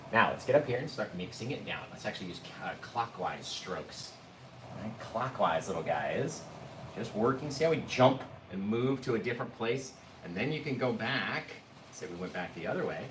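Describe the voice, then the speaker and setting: A man leads a live painting tutorial, chatting to his viewers and walking them through each stroke. His pitch swings widely from phrase to phrase. The sound is roomy and echoey, with a faint background hum. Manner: chatty, addresses viewers as "guys"; talks through each brushstroke step by step. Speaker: painting instructor.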